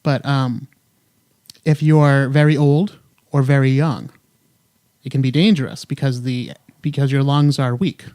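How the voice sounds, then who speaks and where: A man's voice: medium pitch, steady tone, a little slow, pauses often, mellow, no room sound, studio quality. A young man hosting a podcast in casual chat, joking and rambling with many fillers. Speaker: podcast host. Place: home room.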